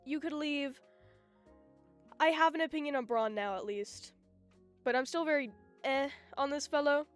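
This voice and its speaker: Woman streamer, pretty high voice, ranty and animated, keeps restarting her sentences, faint music under it. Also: moderate pace, long pauses. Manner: animated, ranting, self-interrupting. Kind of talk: casual live-stream chat.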